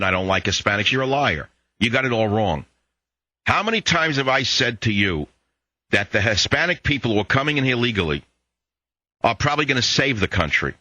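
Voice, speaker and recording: A man's voice: medium pitch, pushed and bright, dry recording. An older man hosting a political talk radio show, lecturing listeners in a combative monologue and telling jokes.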